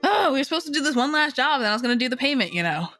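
A woman's voice: sits high, very animated, rapid-fire, bright, forceful tone, soft background music, heavily acted. A woman voicing a young adventurer who ends her sentences with "you know", in a tabletop game. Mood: easygoing.

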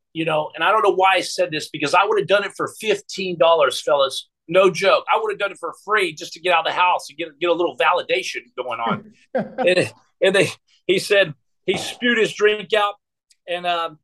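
Guy rambling through a story on a podcast, lots of um and uh, high voice. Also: fairly quick, sharp tone, low-quality recording. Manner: rambling, repeats words, frequent fillers. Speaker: guest.

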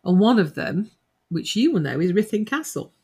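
A woman's voice: medium pitch, very animated, moderate pace, dark tone, breathy edge. A middle-aged woman, co-host of a ghost-hunting podcast, chatting casually and laughing at herself as she tells her story. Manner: laughing, self-deprecating storyteller.

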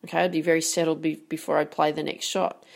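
A woman's voice: deep voice, level tone, quick pace, vocal fry. Emphatic woman coaching nerves. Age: 40s. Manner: earnest, emphatic, asks rhetorical questions. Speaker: sports mindset coach. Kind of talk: direct-to-camera coaching talk.

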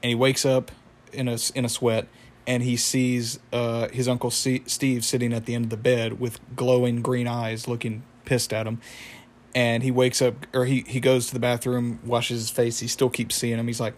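Brief: rambling man chatting through an episode recap, monotone. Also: medium pitch, moderate pace. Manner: rambling, laughs often. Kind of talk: casual chat.

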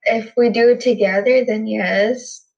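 A woman's voice: on the high side, steady tone, measured pace, vocal fry, darkish tone, highs cut off. A young woman in a casual chat with friends, playful and goofy.

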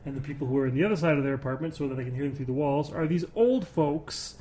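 A man's voice: a little high, fast, mellow. A man co-hosting a casual podcast, teasing his co-host and retelling a film's plot in a rambling, joking way. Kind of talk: casual chat.

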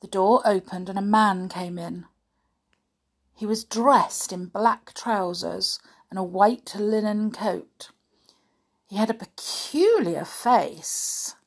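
A woman reading a children's book aloud as a podcast host, slow and deliberate with soft asides. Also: mid-range voice. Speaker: podcast storyteller.

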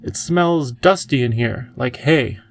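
A man's voice: mid-range voice, slow, creaky. A man voicing a dreamy young boy who talks in an earnest, chatty way.

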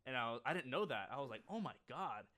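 A young man co-hosting a casual podcast, rambling with lots of fillers and quick laughs. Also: medium pitch, expressive, sharp tone. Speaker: podcast co-host. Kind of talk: casual chat.

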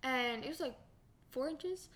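A teenage American girl co-hosts a chatty podcast, her voice high and bright. She rambles from one story to the next, scattering "like" everywhere and laughing as she goes. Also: measured pace. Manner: giggly, rambling, lots of "like". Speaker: podcast co-host. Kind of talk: casual chat.

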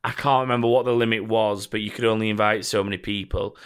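A man's voice: fairly low pitch, fairly even intonation, quick pace, clear, resonant tone. A man hosting a casual gaming podcast, rambling and joking, swearing now and then. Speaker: podcast host.

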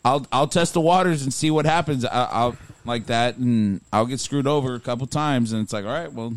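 A man chatting with friends on a podcast, stumbling and repeating words as he works up to his point. His mid-low voice is recorded close and dry, with almost no room sound. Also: clear, resonant tone, no echo. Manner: halting, repeats words, swears. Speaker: podcast co-host. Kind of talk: casual group chat.

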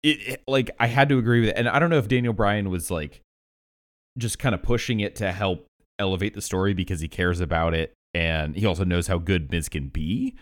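A young man co-hosting a casual podcast chat, enthusiastic and quick to laugh. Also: deep voice. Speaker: podcast co-host.

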